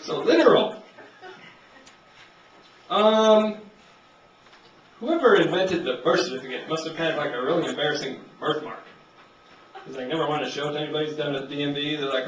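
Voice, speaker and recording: High-voiced man doing stand-up, distant and roomy. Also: normal speed, pauses often, slight background noise. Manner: laid-back rambling delivery, acts out characters in raised voices. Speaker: stand-up comedian. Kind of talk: stand-up comedy set. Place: comedy club stage. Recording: distant, roomy, muffled amateur club recording. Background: audience laughter.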